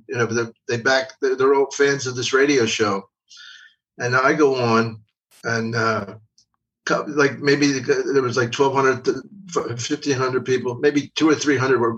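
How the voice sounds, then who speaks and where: Rambling older comedian from Philly. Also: male voice, medium pitch, fairly bright tone, dull audio. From Philadelphia. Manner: rambling, repeats words, profane. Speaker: guest comedian. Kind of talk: casual storytelling. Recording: voice from a distance.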